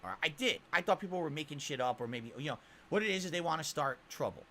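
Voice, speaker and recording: A man's voice: fairly high pitch, expressive, fast, bright, forceful tone. A man in a clip from his own stream, ranting indignantly and repeating himself as he argues.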